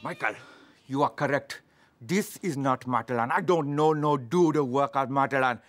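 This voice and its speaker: An actor playing an eccentric male psychic in a comedy sketch, talking in broken English with excitable, crude patter. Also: medium pitch, moderate pace, close to an everyday voice. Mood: excited. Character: eccentric male spoon-bending psychic impression.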